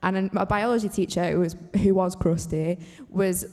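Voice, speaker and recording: Gravelly woman with light Mancunian accent. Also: fairly low pitch, steady tone, moderate pace, mellow. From Manchester, England. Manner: candid, swearing, laughing asides. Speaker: panel guest. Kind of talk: casual discussion. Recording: roomy hall reverb.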